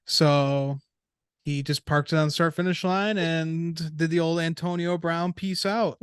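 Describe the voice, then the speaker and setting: Podcast co-host, man, relaxed and profane, slightly high smooth voice, dry close recording. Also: unhurried, dry recording. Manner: relaxed, swearing, laughing often. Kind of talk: casual racing chat.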